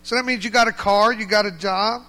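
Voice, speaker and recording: A man's voice: sits high, fairly even intonation, brisk, bright, forceful tone, long reverb tail. A man voicing a grinning, cheerful man in his fifties, upbeat and emphatic, in a spoken testimony. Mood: joyful. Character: beaming cheerful middle-aged man with joy.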